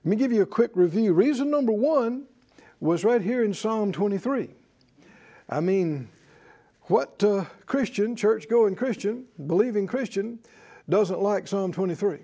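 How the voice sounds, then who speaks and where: A man's voice: sits high, animated, unhurried, mellow. A man preaching a sermon to a congregation, emphatic and leading them in call-and-response. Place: church service with congregation.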